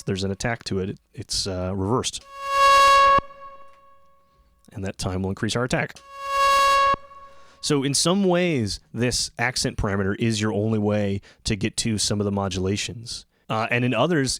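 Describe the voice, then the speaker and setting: Man, somewhat low voice, casual gear demo host, loose self-interrupting explaining, close mic. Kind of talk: casual hands-on gear demonstration.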